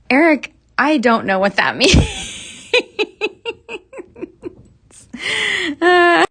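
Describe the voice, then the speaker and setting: A woman hosting a casual, chatty craft tutorial, explaining her steps in a relaxed, upbeat way. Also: fairly low pitch. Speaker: beading instructor.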